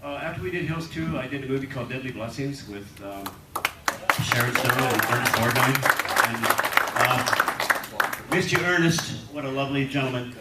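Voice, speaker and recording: A man's voice: mid-range voice, normal speed. A man in his sixties, an actor on a reunion panel, telling rambling anecdotes and laughing at his own stories. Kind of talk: animated anecdotal storytelling. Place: convention hall panel. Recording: echoey hall, distant mic, noisy crowd ambience.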